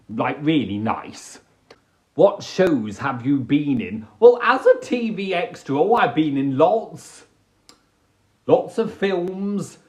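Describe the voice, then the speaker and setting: Animated, theatrical man. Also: on the high side. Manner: animated, theatrical storytelling with put-on voices. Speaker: livestream host. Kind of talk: casual livestream chat. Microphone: phone livestream.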